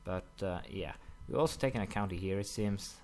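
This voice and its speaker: A young man commenting casually while playing a strategy game, rambling with many fillers and quick apologetic asides. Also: low-pitched, a little mellow, soft background music. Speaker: gaming commentator. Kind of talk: casual let's-play commentary.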